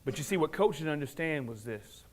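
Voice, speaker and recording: A man speaking at a men's fellowship, telling a personal testimony story in an animated way and acting out the people in it. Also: a little high, a little fast.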